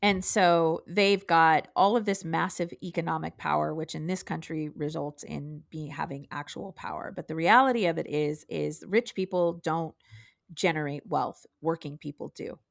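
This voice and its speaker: A woman's voice: sits low, normal speed, gravelly, no room sound. A woman co-hosting a podcast, talking earnestly and emphatically in casual political discussion. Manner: earnest, emphatic, pleading at times. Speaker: podcast co-host.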